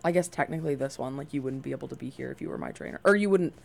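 A woman's voice: extremely low pitch, vocal fry, a little hiss or hum. A young woman hosting a college radio show, joking playfully in casual chat with her co-hosts. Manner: playful, lively, quick jokes.

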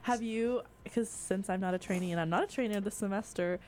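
A woman's voice: mid-range voice, brisk, a little mellow. A young woman with a mid-range voice co-hosts a college radio show. She chats eagerly and giggles between her words. A faint hiss runs under her mic. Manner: giggly, chatty, enthusiastic. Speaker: radio co-host. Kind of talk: casual radio chat.

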